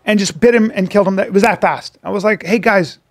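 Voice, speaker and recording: A man with a raised pitch and a gravelly edge, co-hosting a casual podcast. He tells stories with animation and swears a lot. He comes across as loose and conversational. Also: steady tone, fast, no room sound. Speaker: podcast co-host.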